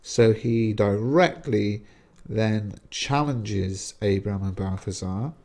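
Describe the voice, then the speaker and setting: Mellow low-voiced male teacher. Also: slow pace, gravelly. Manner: chatty and explanatory, with frequent fillers. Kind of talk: casual explanatory lesson.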